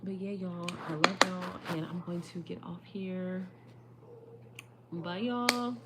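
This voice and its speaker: A young woman talks casually to her livestream audience, rambling and friendly with lots of y'all. Her voice sits a little low and is slightly hoarse. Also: fairly even intonation, slow pace, heavy background noise. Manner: chatty, addresses viewers as y'all. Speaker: livestream host.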